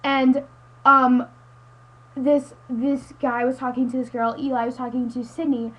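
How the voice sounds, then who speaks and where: A teenage vlogger in high school complains into her webcam at home, rambling and exasperated, with "like" all through her speech. Her high voice stays level and fairly bright, she takes her time, and the recording is low quality.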